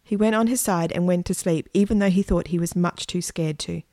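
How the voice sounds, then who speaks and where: Low-voiced woman reading a story. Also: a little fast, warm tone, dry recording, clean studio sound. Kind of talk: reading a children's story aloud.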